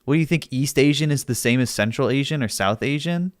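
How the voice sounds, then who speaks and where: A man's voice: medium pitch, fast, no room sound, clean studio sound. A young man streaming, arguing with his chat in a sarcastic, argumentative way and laughing often. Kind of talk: casual livestream chat.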